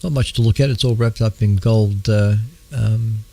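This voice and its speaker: Gravelly Australian man hosting an astronomy show. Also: on the low side, fairly even intonation, mellow. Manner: halting, with many fillers, clears throat often. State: losing his voice. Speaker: radio show host. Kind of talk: casual astronomy news talk.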